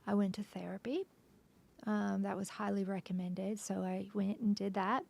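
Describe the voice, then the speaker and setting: Woman on a podcast telling her story, bit of vocal fry, hesitant, slips into whispering a lot. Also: mid-range voice, little pitch movement. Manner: halting, emotional retelling with frequent restarts; often drops to a soft whisper. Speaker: podcast guest. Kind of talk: personal storytelling interview.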